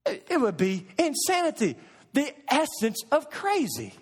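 A middle-aged man preaching a sermon as pastor, swinging between loud emphasis and hushed, quiet asides. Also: very high-pitched, wildly swooping pitch, unhurried.

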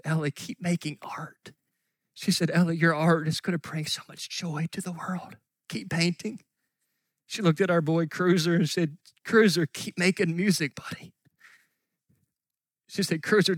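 A middle-aged man preaching a sermon, telling a story earnestly and dropping at times to soft near-whispers. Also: on the high side, no room sound. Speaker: pastor.

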